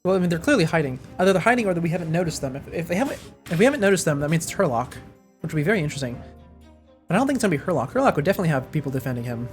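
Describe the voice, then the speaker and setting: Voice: medium pitch, very animated, very fast, soft background music. A streamer chatting and musing while playing a story game live, self-deprecating. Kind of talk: live game playthrough commentary.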